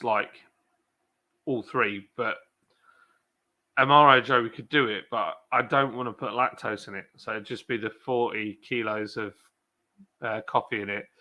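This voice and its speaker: A man's voice: medium pitch, pushed and bright. A man hosting a casual live chat stream, rambling and self-deprecating, reading out viewer comments with lots of fillers. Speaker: brewery livestream host.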